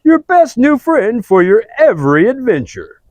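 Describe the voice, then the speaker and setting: A man putting on an over-the-top commercial announcer voice, loud and hyped like a pitchman. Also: big pitch swings, moderate pace, dry recording.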